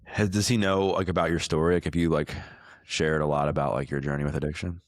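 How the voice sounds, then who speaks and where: A man's voice: extremely low pitch, steady tone, fast, no room sound, studio quality. A man hosting a podcast, asking questions in a searching way, with many fillers. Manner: searching, filler-heavy phrasing. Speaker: podcast host. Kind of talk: interview questions.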